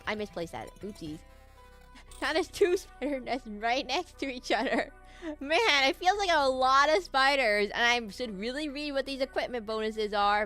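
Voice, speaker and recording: A woman's voice: on the high side, sharp tone. A woman streaming a game, rambling goofily with frequent laughs and hummed snippets. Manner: goofy, rambling, giggly, hums and sings snippets. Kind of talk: casual gameplay commentary.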